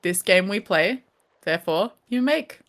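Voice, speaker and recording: A woman's voice: medium pitch, expressive, unhurried, a bit bright. A woman playing a co-op survival game with her partner, chatting casually in a playful, joking way. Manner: playful, laughs easily. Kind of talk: casual gameplay chat.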